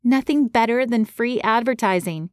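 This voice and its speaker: A woman voicing an excitable young female office assistant who talks eagerly. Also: a little high, moderate pace, clear, resonant tone, dry recording, studio quality, pitched above the performer's own voice, lightly acted. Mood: excited. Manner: bubbly, eager.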